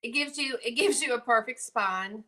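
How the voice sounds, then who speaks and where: A woman's voice: on the high side, normal speed, pushed and bright. A woman guest on a live craft stream, rambling casually as she shows her art journal and crafts. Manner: rambling, talks while crafting, lots of fillers. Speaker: guest artist. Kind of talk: casual craft demonstration chat.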